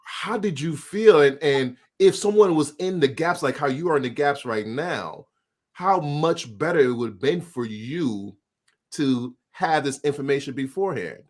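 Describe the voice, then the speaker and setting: Earnest male co-host interviewing gently. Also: fairly high pitch, lively intonation, unhurried. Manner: repetitive starts, earnest pleading. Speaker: podcast co-host.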